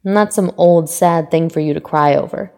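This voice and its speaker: A grouchy old man snaps out curt, swearing lines with a soft tender streak underneath, as a woman reads him aloud. The voice is gravelly and mellow. A long reverb trails every word. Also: low voice, normal speed. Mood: gruff tender. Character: cranky grouchy elderly man, gruff but tender. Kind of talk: fan fiction reading.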